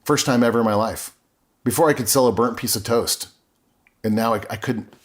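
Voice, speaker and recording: A man's voice: mid-range voice, a little fast. Earnest middle-aged man telling his story. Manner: earnest and openly emotional, with frequent restarts. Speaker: podcast guest. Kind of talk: conversational personal storytelling.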